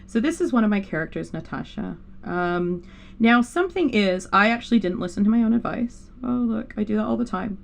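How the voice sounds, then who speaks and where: Animated and fairly fast, a woman with vocal fry and a medium-pitched voice leads a digital painting lesson over a livestream. As an art instructor she tends to ramble, stopping herself again and again with fillers.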